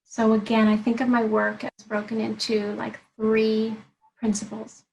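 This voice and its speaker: Earnest woman coach explaining, slightly high voice. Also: completely flat delivery, measured pace, gravelly, a little mellow, poor audio. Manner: earnest, explanatory, walks through points one by one. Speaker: life and executive coach. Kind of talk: interview conversation.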